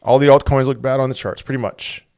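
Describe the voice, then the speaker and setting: A man with a smooth, clear mid-range voice chatting casually on a livestream from a home desk mic. He thinks out loud in loose, rambling runs. The sound is close and dry. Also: mid-range voice, little pitch movement, fast, no room sound. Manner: thinks aloud, rambling with restarts. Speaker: crypto livestream host. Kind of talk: casual livestream chat, reading viewer comments.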